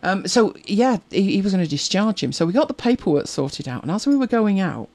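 A woman's voice: medium pitch, very animated, a little fast, darkish tone, no room sound. A woman chats casually on a live stream, rambling from one story to the next. Her voice sits mid-range, recorded dry and close with no room sound. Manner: chatty, rambling storyteller with frequent laughs. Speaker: livestream host reading viewer comments.

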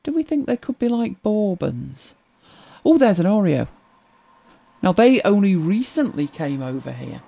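A woman's voice: unhurried, creaky. A woman hosting a casual livestream, chatting and telling wry anecdotes as she reads viewer comments. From Britain. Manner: chatty, wry storytelling with lively pitch swings. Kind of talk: casual chat.

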